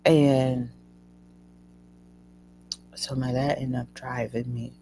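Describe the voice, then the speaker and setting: A woman hosting a show, telling a personal story to her listeners in an emotional, animated way. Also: extremely low pitch, very slow, background noise. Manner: emotional, animated retelling addressing listeners as y'all. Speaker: host.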